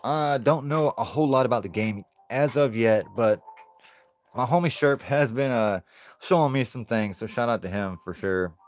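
A man's voice: medium pitch, moderate pace. A man chatting casually on a live stream as he opens card packs, easygoing and laughing often.

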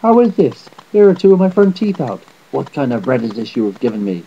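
A man's voice: fairly low pitch, fast, creaky, lo-fi sound, slight background noise. A man voicing a boastful, hot-tempered giant warrior who roars and blusters. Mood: roaring. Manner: roaring, blustering.

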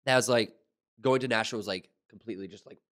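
A man's voice: on the low side, quick pace, a bit bright. A man hosting a casual interview in a laid-back manner. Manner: laid-back, lots of "like" fillers. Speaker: interview host.

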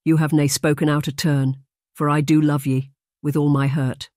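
A narrator voicing a proud, tender Highland man with a Scottish accent and old burred dialect. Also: level tone, normal speed, darkish tone, dry recording, clean studio sound, lightly acted.

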